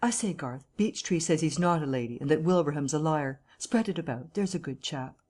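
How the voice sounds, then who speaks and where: A woman voicing a jovial, hearty young gentleman journalist who talks in a breezy, teasing, slangy way in a storybook reading. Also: low-pitched, animated, a little fast.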